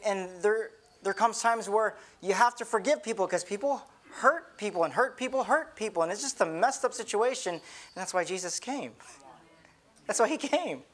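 A man's voice: high voice, fairly bright tone. A middle-aged man, a pastor, giving an earnest, conversational sermon with many repeated restarts.

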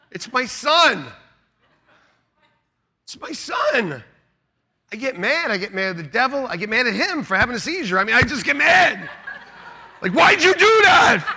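A middle-aged pastor with a high-pitched voice preaches a sermon, telling stories animatedly while laughing and shouting out quotes.

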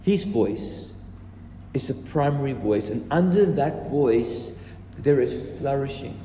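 A man's voice: mid-range voice, expressive, slow pace, dark tone, a little hiss or hum. A man preaching a sermon, stressing and repeating his key phrases. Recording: echoey hall with faint ambience.

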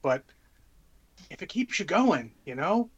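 Very animated yet slow, a man with a high, fairly bright, slightly rough voice co-hosts a podcast, chatting casually, cursing freely, and giving relaxed advice. The recording has its highs cut off.

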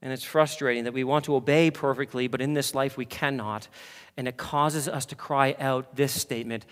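A man preaching a sermon as pastor, moving from quiet asides to fervent, impassioned peaks. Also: medium pitch, steady tone, moderate pace, long reverb tail. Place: church sanctuary.

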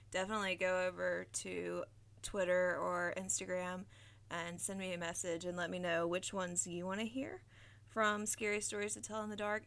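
A woman hosting a horror podcast who reads a scary story with steady, dramatic storytelling and closes with a relaxed, chatty sign-off. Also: mid-range voice.

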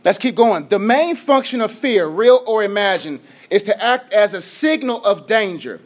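A man preaching a sermon as a pastor, energetic, dropping from loud to hushed, sometimes stuttering and tripping over his words. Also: high-pitched, moderate pace, hardly any pauses.

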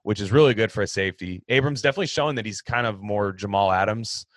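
Man, low voice, casual sports talk host, opinionated, rambling, dry close mic. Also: quick pace, no room sound. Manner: rambling, opinionated, animated with restarts.

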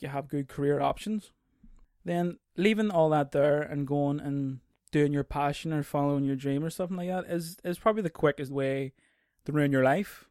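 A man's voice: fairly high pitch, no room sound. Foul-mouthed man ranting solo, dry mic. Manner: profane, rambling, jumps into loud mocking outbursts. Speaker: podcast host. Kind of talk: casual solo podcast rant. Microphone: mic on a stand.

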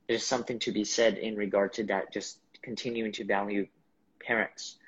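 A man with a low, husky voice hosts a podcast and thinks out loud, halting and reflective. His recording sounds dull and lo-fi. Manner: reflective, halting, with fillers and restarts. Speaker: podcast host. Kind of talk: casual podcast conversation.

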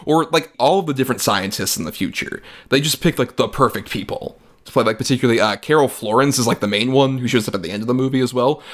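A man's voice: mid-range voice, fast, few pauses. A man co-hosting a movie podcast, chatting casually and rambling, with lots of "like", swearing and acted-out quotes. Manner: rambling, frequent "like", profane, acts out quotes. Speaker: podcast co-host. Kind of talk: casual movie review chat.

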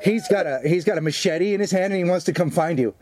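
A man's voice: sits high, fast, darkish tone, slight background noise. A man in his thirties co-hosting a podcast, rambling and joking in casual, profane banter, laughing easily. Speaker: podcast co-host.

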